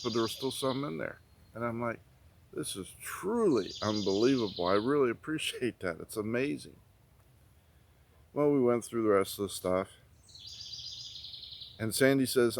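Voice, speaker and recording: A man's voice: mid-range voice, gravelly, a little hiss or hum. A middle-aged man telling a long personal story in a folksy, rambling way, often repeating "I said" as he retells conversations. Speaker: prepping channel host. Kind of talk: casual storytelling.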